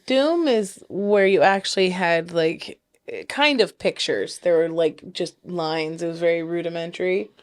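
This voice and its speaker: A woman co-hosting a podcast, telling stories in an animated, chatty way. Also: on the low side, unhurried, no room sound, clean studio sound. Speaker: podcast co-host. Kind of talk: casual chat.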